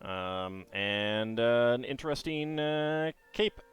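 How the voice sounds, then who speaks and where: A man's voice: medium pitch, animated, slow pace, clean tone, soft background music. A man streaming live, thinking aloud in hesitant, rambling commentary.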